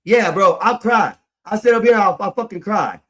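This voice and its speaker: A man's voice: sits high, moderate pace. A grown man ranting on a livestream, profane and frustrated, repeating himself as he vents. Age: adult. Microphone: streaming mic.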